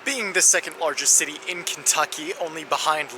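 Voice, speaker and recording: A man narrating his travel vlog with a slightly raised voice and an explanatory, dryly humorous manner. He records outdoors in a city, with traffic noise clearly heard behind him. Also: on the high side, a little fast, hardly any pauses, pushed and bright. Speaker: travel vlogger. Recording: noisy outdoor street recording.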